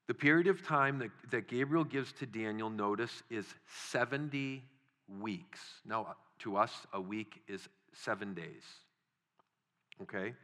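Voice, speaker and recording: A man's voice: medium pitch, a bit bright. A middle-aged man preaching a sermon in a conversational way, acting out small quoted exchanges as he teaches. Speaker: pastor.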